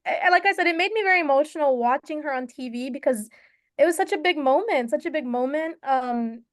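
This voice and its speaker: Brief: female guest umpire, fairly high voice, earnest, quick to laugh. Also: expressive. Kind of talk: casual interview chat.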